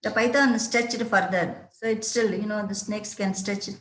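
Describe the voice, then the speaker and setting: A woman English teacher explaining a story to students, halting, with many fillers and rhetorical questions. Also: mid-range voice, fairly even intonation, a bit bright. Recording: roomy echo.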